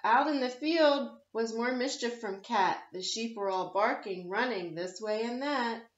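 A woman reads a picture book aloud for children at story time, gentle and playful. Her voice is fairly high and she takes it slowly. The recording is a touch muffled, with noticeable room echo. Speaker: librarian reading for story time. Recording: echoey, slightly dull room.

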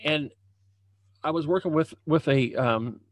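Man, leadership coach, motivational talk, video call, repeats phrases, slightly high voice, dry sound. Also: measured pace, no room sound. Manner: conversational, repeats phrases and restarts often. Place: home room with a banner hung as backdrop.

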